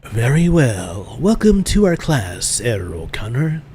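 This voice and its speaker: A man's voice: medium pitch, lively intonation, moderate pace, a little mellow, a little hiss or hum, lightly acted. A man putting on a stern German-accented schoolmaster. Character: stern older male rogue-class master with a put-on German accent.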